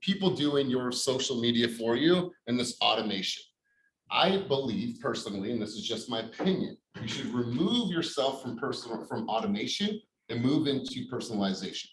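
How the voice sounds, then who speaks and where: A man's voice: mid-range voice, big pitch swings, normal speed, echoey room, slight background noise, low-quality recording. A man leading a real estate workshop, upbeat and blunt, who swears casually as he pushes his audience. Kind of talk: motivational workshop talk.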